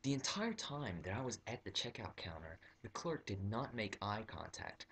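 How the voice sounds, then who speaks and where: A man's voice: lowish voice, sing-song, moderate pace, few pauses, a bit bright, slight background noise. A young man telling a comic story on his vlog, rambling with lots of fillers and restarts. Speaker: vlogger.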